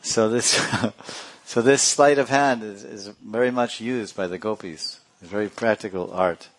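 A man's voice: fairly low pitch, measured pace. A man giving a playful storytelling religious talk, laughing often and acting out characters. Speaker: religious teacher.

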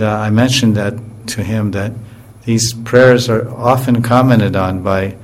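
A man giving an informal scripture class in a relaxed way, with chuckles and frequent fillers and restarts. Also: lowish voice.

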